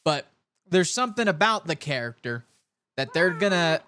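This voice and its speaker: Young male streamer from California with a light cowboy drawl, keeps restarting his sentences, voice sits a bit high, dry close mic. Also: sing-song, normal speed, pushed and bright, no echo. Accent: soft put-on Southern cowboy drawl. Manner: rambling, chatty, self-interrupting. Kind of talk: casual live-stream chat while gaming.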